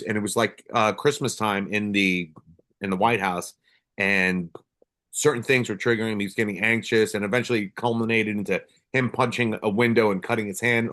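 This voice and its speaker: A man's voice: lowish voice, fairly bright tone. A man, a police officer hosting a podcast, telling stories candidly in casual conversation and swearing now and then.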